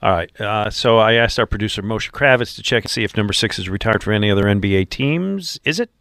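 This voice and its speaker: A man's voice: on the low side, animated, quick pace, a bit bright, no echo, clean studio sound. A middle-aged man hosting a sports talk radio show, chatting emphatically with his co-host and callers.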